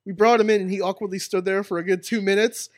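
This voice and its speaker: Brief: high-pitched male guest, rambling, laughs a lot, dry close sound. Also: steady tone, fast talker, no room sound. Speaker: wrestling guest. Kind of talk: casual podcast chat.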